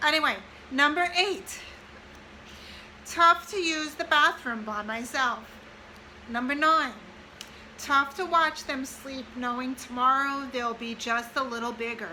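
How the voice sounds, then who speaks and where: A woman in her forties, a mother, reads an old handwritten list aloud, speaking slowly and crying at moments. Her voice sits high and sounds very bright. A faint hiss sits under the recording. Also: rough recording. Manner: tearful, pausing to compose herself. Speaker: mother of triplets reading her old notes. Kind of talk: casual vlog, reading a list aloud.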